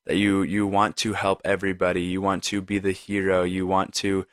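A man's voice: deep voice, completely flat delivery, moderate pace, a bit bright, clean tone, no echo, studio quality. A man hosting a solo podcast, talking earnestly and conversationally straight to the listener. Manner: conversational, with frequent "right?" and "like". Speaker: podcast host. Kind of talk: reflective solo podcast talk.

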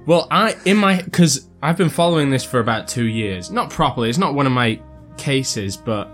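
A man's voice: mid-range voice, animated, normal speed, fairly bright tone, soft background music. A man hosting a casual podcast, joking and rambling as he introduces his guest. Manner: playful, rambling, jokey. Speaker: podcast host.

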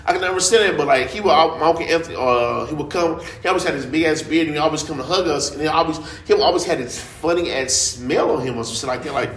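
A young man hosting a casual chat, telling stories with a laugh and slangy talk, jumping into high-pitched quoted voices. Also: quick pace, few pauses, a bit bright, reverberant, slight background noise. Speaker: podcast host.

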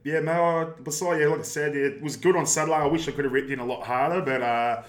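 A man's voice: on the high side, steady tone, fast talker. A young Australian man chatting casually, rambling and slangy, laughing often. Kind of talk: casual banter. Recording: echoey room.

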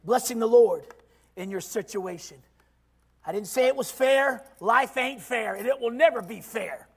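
Very high-voiced shouting male preacher. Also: a little slow, slightly rough. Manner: shouting preaching with call-and-response. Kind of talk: sermon.

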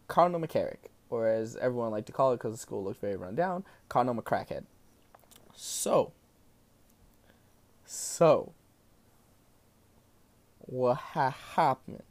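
A man's voice: medium pitch, a little slow, long pauses. A young man from New Jersey telling a story in a casual, profane rant that swings between outbursts and asides. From New Jersey, USA. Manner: profane, animated ranting.

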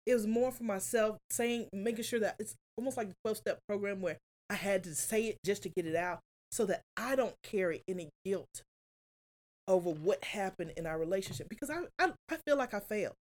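Woman guest, earnest and near tears, medium pitch, talk show confession. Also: a little fast, darkish tone. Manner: earnest, confessional, often quotes herself. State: close to tears. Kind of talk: emotional personal story.

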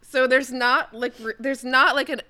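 A woman's voice: high voice, steady tone, normal speed, pushed and bright. An enthusiastic woman in casual chat, laughing easily as she explains something.

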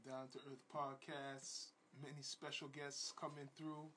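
A man hosting a podcast in casual chat, with laid-back slang and repeated shout-outs to his listeners. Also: mid-range voice, level tone, unhurried, slight background noise. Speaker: podcast host.

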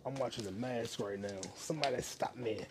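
A man's voice: medium pitch, fairly quick, background noise. A man hosting a crude solo podcast from his home kitchen, rambling, swearing constantly and laughing at his own jokes. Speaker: podcast host.

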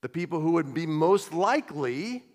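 A man's voice: on the high side, sing-song, moderate pace, darkish tone. A man preaching a conversational sermon as pastor of his church, often repeating and restarting phrases. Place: church sanctuary. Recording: long hall reverb.

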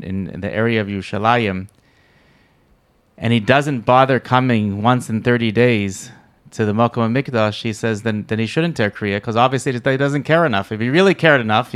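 Smooth-voiced man musing aloud. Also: medium pitch, fairly bright tone, no echo. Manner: thoughtful, hesitant, many restarts. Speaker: interviewer. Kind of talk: conversational interview.

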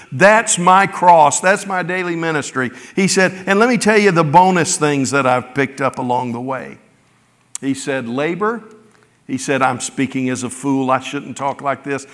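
A man's voice: on the high side, a bit bright. A man preaching a sermon in a conversational way, retelling scripture in his own everyday words. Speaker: pastor. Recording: long hall reverb.

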